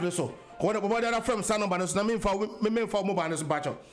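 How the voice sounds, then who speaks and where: Ghanaian male radio host, very high voice, impassioned and repetitive commentary. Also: racing, faint music behind. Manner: impassioned, repetitive, switching between English and Twi. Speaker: radio talk show host. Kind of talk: political talk radio commentary.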